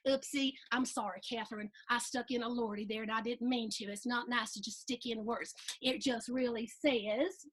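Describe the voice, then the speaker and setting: A middle-aged woman, reading a picture book aloud to children with animated gasps and playful asides. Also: on the high side, a little slow, hardly any pauses. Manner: animated, gasping, playful asides to young listeners. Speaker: storytime host reading to children.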